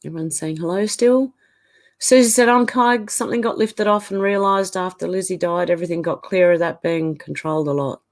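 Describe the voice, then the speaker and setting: A middle-aged woman hosts a livestream in a casual chat, reading out viewer comments and reacting to each one with quick opinions. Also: lowish voice. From Australia. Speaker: livestream host.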